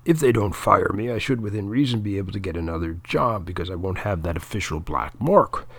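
A man's voice: fairly low pitch, expressive, brisk, slightly rough. Man as a humbled, pleading debate coach. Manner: hesitant, pleading.

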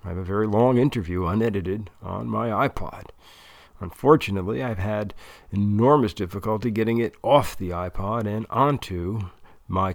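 A man's voice: on the low side, no echo. A man explaining a plan at length in a casual, rambling way with many restarts. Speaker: interviewer recording a monologue.

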